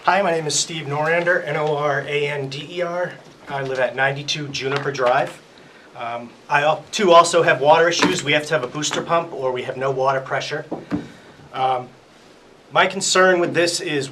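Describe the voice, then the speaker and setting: Man speaking at a town hearing, crisp bright tone, measured and reasoned. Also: fairly high pitch, slight background noise, rough recording. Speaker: resident giving public comment. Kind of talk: public hearing comment.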